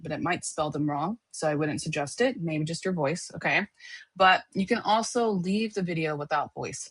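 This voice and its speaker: Husky-voiced woman teaching casually. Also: low voice, no echo. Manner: chatty, checks in with "okay?" and "right?". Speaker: online course teacher. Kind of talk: casual screen-share tutorial.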